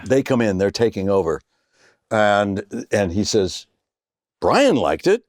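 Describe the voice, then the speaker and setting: Guest storyteller, man in his sixties, lively pitch, dry close sound, acts out every voice in his anecdotes. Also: slow, no echo. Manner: animated storyteller who acts out quoted voices. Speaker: guest actor. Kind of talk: casual anecdote telling.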